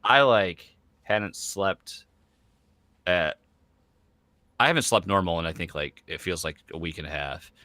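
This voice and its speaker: A man in his thirties with a low, bright, forceful voice, chatting casually as a podcast host. He rambles along, stuffing his talk with fillers. The sound is dry and close, with no room around it. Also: unhurried, long pauses, dry recording. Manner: rambling, full of fillers like "like" and "you know". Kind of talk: casual chat.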